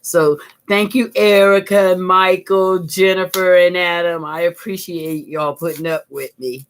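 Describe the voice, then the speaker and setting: A woman's voice: fairly low pitch, steady tone, measured pace, clear, resonant tone. Chatty middle-aged woman teaching crafts. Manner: chatty, upbeat, talks to viewers as she works. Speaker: art teacher, channel host. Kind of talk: live-streamed craft tutorial. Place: home craft desk, indoors.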